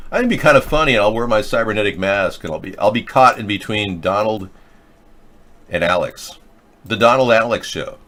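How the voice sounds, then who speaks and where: The host of his own show, a middle-aged man, rambles loosely across topics in a low voice that takes on a sarcastic tone. He speaks at a moderate pace, and his sound is a bit bright.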